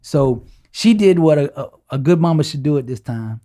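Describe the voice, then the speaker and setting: A man, a guest in a podcast interview, telling a personal story with animated energy and acting out the dialogue as he goes. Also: a little high, normal speed.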